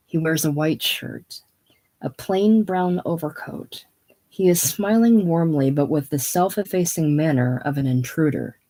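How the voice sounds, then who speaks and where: A reader casually reading a play's stage directions aloud in a steady, plain way. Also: medium pitch. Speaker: reader of a play.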